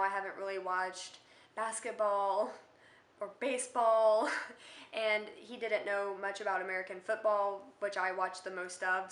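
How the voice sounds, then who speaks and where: Chatty young woman, bright echoey vlog. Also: medium pitch. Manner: chatty and rambling, many filler words. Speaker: vlogger. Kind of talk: casual storytime vlog. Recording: echoey room.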